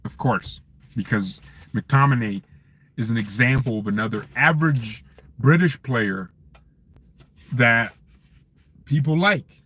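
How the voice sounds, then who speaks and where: A man hosting a fan channel live stream from his parked car, chatting casually with viewers in an animated, joking, ranting way. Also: medium pitch, takes it slowly, pauses often, breathy edge.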